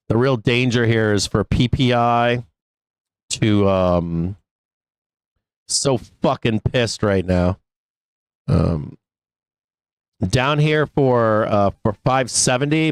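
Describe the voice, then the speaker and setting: Male trading-show host, low pitch, smooth tone, swears and stalls with fillers, dry close sound. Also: no echo. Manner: angry, profane, halting with many fillers. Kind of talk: live trading commentary.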